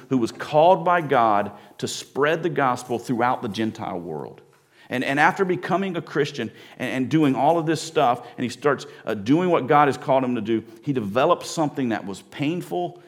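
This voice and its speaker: Emphatic man preaching a sermon. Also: mid-range voice. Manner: emphatic, builds by repeating phrases. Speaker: pastor. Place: church before a congregation.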